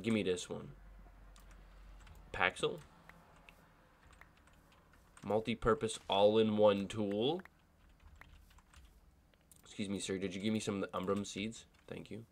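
A man's voice: lowish voice, fairly even intonation, slow pace, creaky, pauses often. A young man with a nasal voice, just woken up, chatting casually over gameplay and joking to himself. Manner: talks to himself, joking asides and silly voices. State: just woke up. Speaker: gaming video creator.

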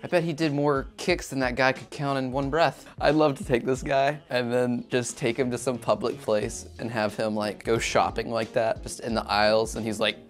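A man's voice: medium pitch, flat delivery, normal speed, few pauses, soft background music. A man hosting a video-reaction show, joking, laughing often and poking fun at himself. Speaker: YouTube host reacting to videos. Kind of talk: casual reaction commentary. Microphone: shotgun or lav mic.

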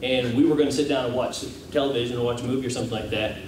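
A man telling stories to a church class in a casual, halting way, often repeating words and chuckling. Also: mid-range voice, fairly even intonation. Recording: echoey room, distant mic, audible background hiss.

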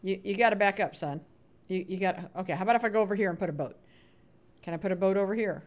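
A woman's voice: mid-range voice, very fast. A woman live-streaming a building game talks nonstop in a casual, playful way. She coaxes the characters on screen in a sing-song voice and stops to answer people in the chat. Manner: reads out viewer chat names and answers them. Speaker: Minecraft streamer.

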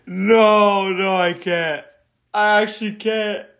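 A man's voice: high-pitched, fairly even intonation, takes it slowly, fairly bright tone. A man hosting a reaction video, making laughing, incredulous remarks in casual commentary. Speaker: reaction host.

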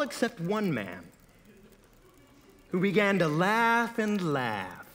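A man's voice: high-pitched, huge pitch swings, slow pace, long pauses, fairly bright tone, big-room sound. A man narrating a comedy sketch on stage in a mock-dramatic tone, correcting himself as he goes. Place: theater stage.

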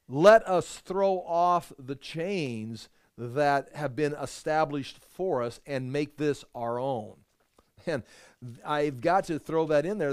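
A man's voice: a little high, darkish tone, no room sound, clean studio sound. A man teaching through a Bible passage verse by verse, earnest and conversational, often restarting his thoughts mid-sentence.

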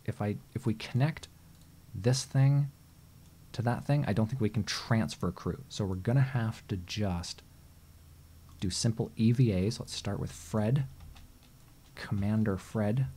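Male gaming host, low-ish voice, casual let's-play commentary, exasperated and foul-mouthed, talks back at the game. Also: a little slow, long pauses, warm tone, husky.

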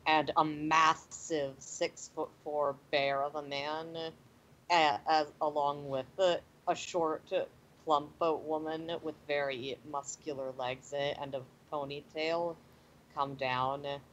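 A man narrating a tabletop role-playing game as game master over a voice call, slow and halting with many fillers. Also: on the high side, a bit bright. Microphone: computer mic on a voice call. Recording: slightly dull voice call audio with faint background noise.

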